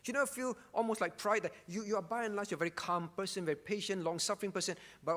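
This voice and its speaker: A male pastor with a notably high voice delivers a sermon in a church, leaning on repetition and rhetorical questions to drive each point home. His words ring out with a long reverb from the hall around him. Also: fast talker, hardly any pauses, a bit bright. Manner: emphatic, repeats key phrases, frequent rhetorical "all right?".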